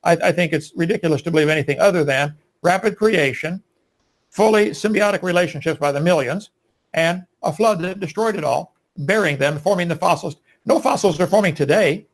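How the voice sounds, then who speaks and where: A man's voice: on the high side, a little fast, low-quality recording. A man answering in a live debate, preachy and emphatic, now and then restarting his sentences. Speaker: creationist debater.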